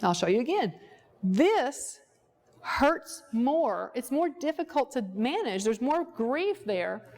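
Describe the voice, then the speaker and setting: A woman's voice: a little high, big pitch swings, normal speed, darkish tone. A woman therapist teaching a workshop, explaining through a client example and putting rhetorical questions to the audience. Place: workshop room at a ranch.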